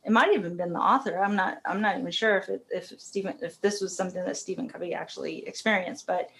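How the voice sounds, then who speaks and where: A woman's voice: lowish voice, fast, gravelly, fairly bright tone, a little hiss or hum. Chatty, emotional woman podcast guest. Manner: chatty, laughs often, emotional. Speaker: podcast guest, company COO. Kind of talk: casual podcast conversation.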